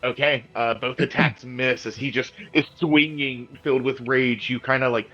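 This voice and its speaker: A man's voice: medium pitch, fairly even intonation, normal speed, bright, forceful tone, lo-fi sound, faint music behind. A man narrating as game master of a tabletop game, with a loose descriptive style full of "like" fillers.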